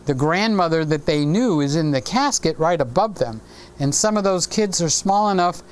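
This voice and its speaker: Chatty man in his sixties, smooth voice. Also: fairly high pitch. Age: 60s. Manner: rambling, chatty, reads viewer comments aloud. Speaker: live stream host. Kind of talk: casual live stream chat.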